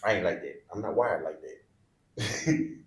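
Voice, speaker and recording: A man's voice: lowish voice, slow pace. A middle-aged man, a podcast guest, telling a heartfelt personal story in a candid, colloquial, emotional way. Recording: roomy echo.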